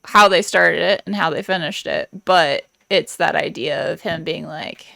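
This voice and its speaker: Podcast guest lady, low fry-ish voice, chatty, dry close mic. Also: measured pace, bright, forceful tone, no echo. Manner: chatty, lots of fillers, laughs easily. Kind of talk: casual chat.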